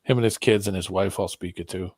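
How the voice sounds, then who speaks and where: Rambling low-voiced man, dry sound. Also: steady tone, fast, darkish tone, no room sound. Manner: rambling, hesitant, fills with "uh". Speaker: guest on live stream. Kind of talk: casual storytelling.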